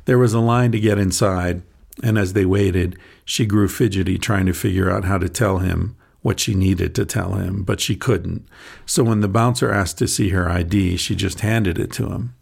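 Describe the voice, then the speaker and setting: A man with a deep, very gravelly voice reads a short story aloud. His tone is husky and a little breathy, and he keeps a soft, measured storytelling pace. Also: steady tone. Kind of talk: audiobook narration of a short story.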